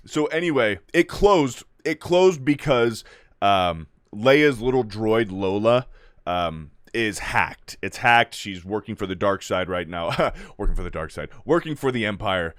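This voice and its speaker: Male reviewer, casual rant, profane and exasperated, middle pitch, dry close sound. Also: expressive, measured pace, no echo. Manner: exasperated, profane, acts out characters in mocking voices.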